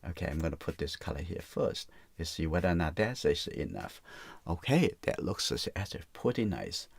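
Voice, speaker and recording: A man with teaching watercolor in a relaxed live painting demonstration, softly talking through each step and often saying "okay, that's good.". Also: sits low, moderate pace, creaky, breathy edge, no echo.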